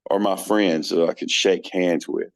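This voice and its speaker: A man's voice: sits low, fairly even intonation, moderate pace, creaky. A man talking as a podcast guest in casual chat, telling stories earnestly with many restarts.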